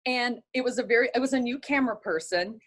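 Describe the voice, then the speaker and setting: A middle-aged woman with a Southern US accent, her voice sitting a little high for a woman. She is a guest on an interview show, recounting her television career in an animated way and slipping into the voices of the people she quotes. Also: fast talker. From North Carolina. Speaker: guest, television writer and presenter. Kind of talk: casual interview storytelling.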